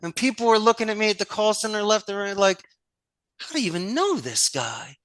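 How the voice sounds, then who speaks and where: Animated, forceful man telling stories. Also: sits high, brisk, no room sound. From Philadelphia, US. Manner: emphatic, acts out phone calls and his own quoted lines; laughs often while telling stories. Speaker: guest, call center business owner. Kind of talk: animated interview talk.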